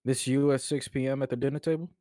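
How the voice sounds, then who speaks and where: A man's voice: medium pitch, fairly even intonation, quick pace, dark tone, no room sound. A man co-hosting a podcast, teasing and laughing in casual slang-filled chat. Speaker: podcast co-host.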